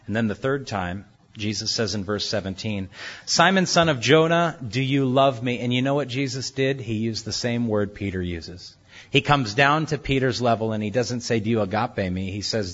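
A man's voice: moderate pace, fairly bright tone, dull audio. A man preaching a sermon, explaining scripture and acting out the quoted speakers in a shifting voice. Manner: expository, acts out the quoted speakers with shifting pitch and volume. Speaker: pastor.

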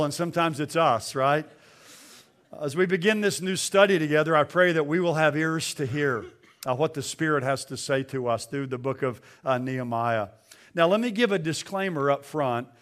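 A man's voice: on the high side, moderate pace, fairly bright tone. A pastor giving a sermon in a church, a man who tells a homey joke and reads scripture aloud, with many small "uh" fillers. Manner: folksy storytelling with frequent uh fillers.

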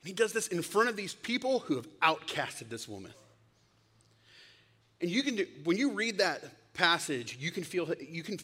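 A male pastor giving a casual, conversational sermon, lively and acting out the lines he quotes. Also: high-pitched, normal speed, slightly rough. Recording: long hall reverb.

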